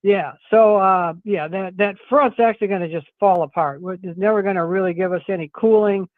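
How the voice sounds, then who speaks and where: A man's voice: sits high, a little fast, dry recording. A man giving a chatty, easygoing radio weather forecast by phone. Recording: tinny phone line.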